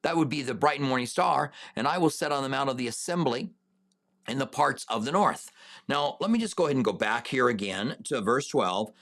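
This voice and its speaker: Man, Bible study teacher, unhurried with fillers, mid-pitched voice, emphatic scripture reading. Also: lively intonation, a bit bright. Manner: unhurried, many fillers and restarts; reads scripture aloud with raised, emphatic delivery. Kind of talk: livestream Bible study answering viewer questions.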